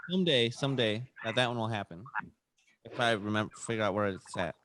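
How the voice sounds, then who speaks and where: A man's voice: on the low side, quick pace, noisy background. A man on a podcast, talking in an unsure, mumbling way. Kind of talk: casual podcast chat.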